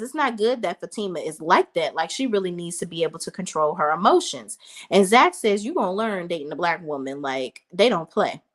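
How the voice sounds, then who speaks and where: Chatty woman recapping a reality show. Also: on the low side. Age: 30s. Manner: chatty, talks straight to viewers as y'all. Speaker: reality TV reviewer. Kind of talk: casual episode recap.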